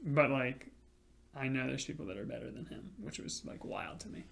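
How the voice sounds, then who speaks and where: Easygoing young man with a gravelly voice. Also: mid-range voice, normal speed, fairly bright tone. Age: 20s. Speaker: podcast co-host. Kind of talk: casual chat.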